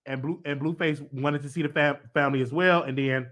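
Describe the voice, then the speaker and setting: A man hosting his own show, casually recapping and reviewing a TV episode in a slangy, animated way with loud bursts. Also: fairly high pitch, fairly quick.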